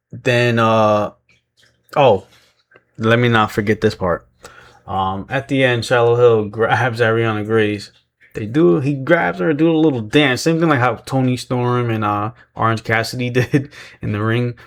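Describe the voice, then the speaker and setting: A tired man giving a casual spoken recap as a show host, rambling, chuckling often and correcting himself as he goes. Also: medium pitch.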